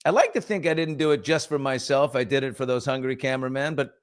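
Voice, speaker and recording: A middle-aged man hosting a casual morning talk show, telling stories with lively acted-out quotes. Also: mid-range voice, fast talker. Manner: animated storyteller, acts out quotes and whispers. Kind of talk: casual storytelling chat.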